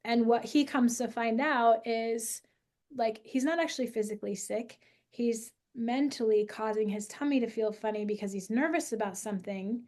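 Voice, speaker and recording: A woman in her forties, a podcast guest and school founder, talking in an energetic, emphatic coaching tone. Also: a little high, moderate pace. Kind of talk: podcast conversation.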